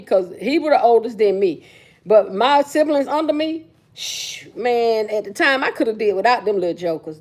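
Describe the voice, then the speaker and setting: Middle-aged woman, livestream host; brash slangy storyteller, pitched a little high. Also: a little mellow, husky. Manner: blunt, sassy storytelling with slang. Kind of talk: casual livestream chat.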